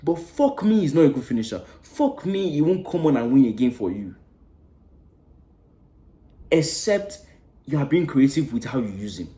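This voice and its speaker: A man with a warm, mellow voice of middling pitch rants about football like a preacher, cursing freely and dropping from loud outbursts to near-whispers. The sound bounces around a roomy, echoey space. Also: sing-song, normal speed, pauses often. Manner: impassioned, preachy, swears freely, swings between loud and hushed. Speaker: football fan channel host. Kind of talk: passionate match-reaction rant.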